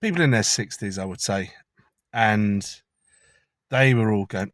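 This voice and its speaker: A man's voice: on the low side, normal speed, pauses often, no echo. A man talking in a chatty, rambling, conspiratorial monologue from inside his car. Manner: chatty, conspiratorial, swears casually. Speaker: vlogger.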